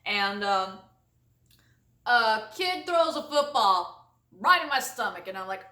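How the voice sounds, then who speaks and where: Animated woman telling a story. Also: medium pitch, slow, roomy sound, recorded from a distance. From United States. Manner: exaggerated, animated, laughs often. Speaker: vlogger. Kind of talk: comic storytelling to camera.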